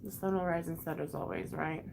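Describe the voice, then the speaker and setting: A woman's voice: sits low, expressive, brisk, vocal fry, noisy background. A young woman and mother venting frankly to her live chat, emotional and swearing often as she restarts her sentences. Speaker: vlogger and mother.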